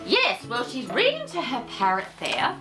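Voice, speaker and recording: A woman's voice: on the high side, huge pitch swings, normal speed, music in the background. A woman reading a children's picture book aloud as host, theatrical, with affectionate asides to her listeners.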